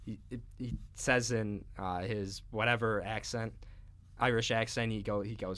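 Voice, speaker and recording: Laid-back man, bright voice, casual podcast. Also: lowish voice, steady tone, measured pace. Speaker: podcast co-host.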